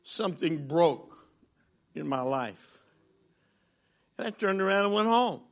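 A man in his sixties preaching a sermon as a traveling minister, telling stories with jokes and swinging from loud to hushed. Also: sits high, lively intonation, unhurried, gravelly.

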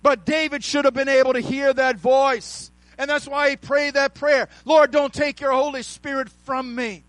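A man preaching a sermon, calling out to the congregation and rising to shouts, with slow, drawn-out emphasis on key words. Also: extremely high pitch, steady tone, dry recording, rough recording.

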